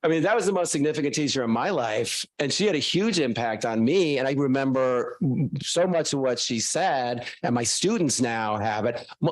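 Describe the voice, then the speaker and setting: A man, a guest author, telling animated, self-mocking stories casually to a class. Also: a little high.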